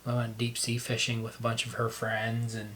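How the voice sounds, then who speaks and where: A man casually telling how he met his wife, halting and restarting as he talks. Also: mid-range voice, completely flat delivery, a bit bright, a little hiss or hum. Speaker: vlogger telling their love story.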